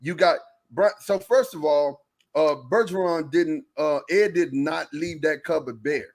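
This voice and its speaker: Animated sports podcast host, man. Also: fairly high pitch, measured pace. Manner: animated, talks over partner, repeats phrases. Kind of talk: casual sports chat.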